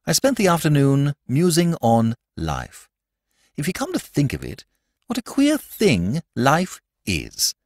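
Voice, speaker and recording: A man narrating a comic story in a lively, chatty storytelling manner. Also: on the high side, measured pace, no room sound, clean studio sound. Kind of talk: audiobook reading of a comic story.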